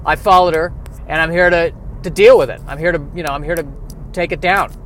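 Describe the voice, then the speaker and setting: A man's voice: a little high, fairly even intonation, a little fast, a bit bright, slight background noise, close to an everyday voice. Hans, a man doing a brash action-hero big brother. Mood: boastful. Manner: clumsy impression without the accent.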